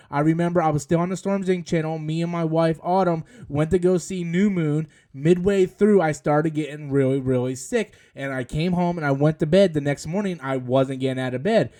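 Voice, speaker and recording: A man's voice: a little high, a little fast, few pauses, darkish tone. Chatty male live-stream host. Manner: chatty, rambling, reads viewer messages. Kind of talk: casual live-stream review chat.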